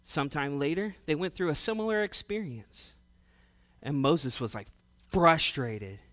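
A man preaching a sermon in a conversational way, moving from loud, animated storytelling to hushed, serious emphasis. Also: a little high, moderate pace. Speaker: pastor.

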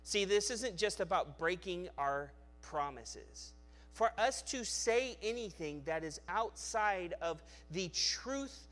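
A male pastor preaching a sermon, swinging between loud emphatic lines and quiet, low asides, with frequent restarts and repeated words.

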